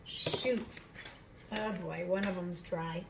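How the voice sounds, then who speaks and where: A woman's voice: medium pitch, unhurried, background noise. A woman hosting her own art channel, talking through an unboxing in a chatty, rambling, frank way at home. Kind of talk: casual unboxing vlog.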